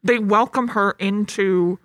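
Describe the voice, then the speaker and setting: Bright-voiced woman retelling a movie plot. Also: medium pitch, fairly even intonation, a little slow, no echo. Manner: chatty, retells the plot with lots of fillers. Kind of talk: casual chat about a movie.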